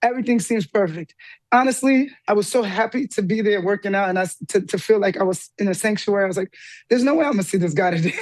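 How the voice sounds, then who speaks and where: A woman guest telling a personal story with lively energy, acting out the voices of the people in it. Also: no room sound. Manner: lively, acts out quoted dialogue with big pitch jumps. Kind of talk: animated storytelling in an interview.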